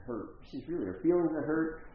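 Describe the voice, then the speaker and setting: A man's voice: a little high, lively intonation, a little fast, slight background noise. A man preaching a sermon as a pastor, telling a story and acting out the voices of the people in it. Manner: storytelling with acted-out quotes. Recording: roomy, slightly dull church recording.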